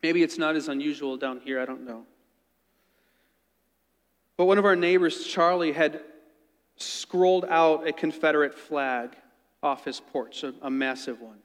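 Guy with a high voice telling a sermon story, earnest and chatty, big hall echo. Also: a little slow, long pauses. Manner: earnest, conversational, quiet when quoting.

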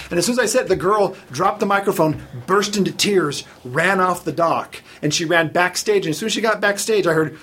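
A man telling a long, funny story in casual conversation, animated and self-mocking, laughing at his own jokes. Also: a little high, a little fast. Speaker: storyteller on a chat show.

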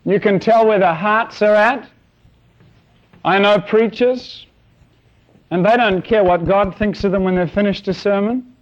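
A man preaching a sermon, telling stories in an animated way with acted-out sounds. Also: sits high, unhurried, long pauses, highs cut off. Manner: animated storytelling with shouted sound effects.

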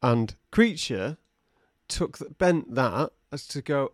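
Man, podcast co-host, jokey, lively delivery, dry sound. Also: mid-range voice, takes it slowly, no room sound. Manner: jokey, slips into silly voices for characters. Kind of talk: comedic book-discussion podcast chat.

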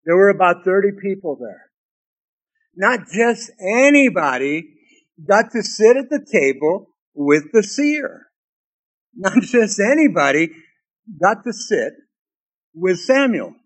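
A man preaching a sermon, reading scripture aloud and musing on it in deliberate asides. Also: high-pitched, very animated. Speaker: pastor.

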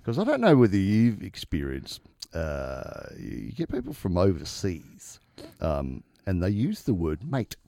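Older man, lively chatty voice. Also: sits low, unhurried, gravelly, dry recording. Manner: chatty, restarts often. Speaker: radio co-host. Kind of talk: casual chat.

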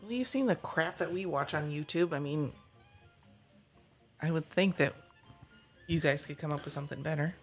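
A man's voice: fairly high pitch, normal speed, long pauses, soft background music. A man co-hosting a morning show in casual chat, blunt and full of advice.

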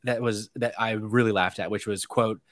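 A man's voice: fairly low pitch, steady tone, dry recording, clean studio sound. Loose, cursing man on a podcast. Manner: loose, swears freely, halting restarts. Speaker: podcast co-host. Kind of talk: casual chat about a film.

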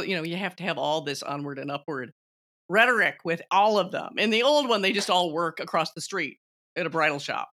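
A woman with a bright, forward voice talks about films in a relaxed conversation. She is opinionated and animated, laughing often as she makes her case. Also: on the low side, moderate pace. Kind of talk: casual film discussion.

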